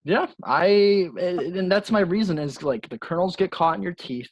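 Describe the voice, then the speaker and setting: Young guy cohosting a podcast, kinda husky voice, dry close sound, laughs a lot and swears. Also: high-pitched, normal speed, dry recording, poor audio. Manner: laughs often, animated and swearing. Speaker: podcast co-host. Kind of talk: casual chat.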